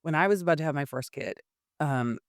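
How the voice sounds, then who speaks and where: A woman, an improv teacher and coach, telling a candid personal story as a podcast guest, expressive and quick to laugh. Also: low-pitched, no echo, studio quality. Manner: expressive, laughs often, frequent restarts.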